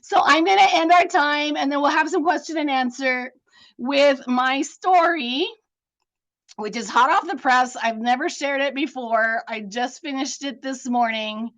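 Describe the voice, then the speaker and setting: A woman's voice: sits high, unhurried, fairly bright tone, muffled recording. A grandmother presenting to an online group over a video call, laughing often and mixing Spanish sayings into her talk. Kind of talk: online talk with a poem reading.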